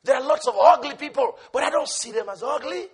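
A man preaching a sermon with passion, swinging between loud shouted refrains and soft low asides, laughing and repeating key words. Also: expressive, fairly quick, slightly rough.

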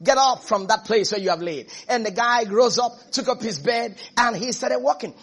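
High-pitched husky male preacher. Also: moderate pace. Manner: emphatic, repetitive preaching, calling out to the congregation. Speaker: pastor. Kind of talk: sermon.

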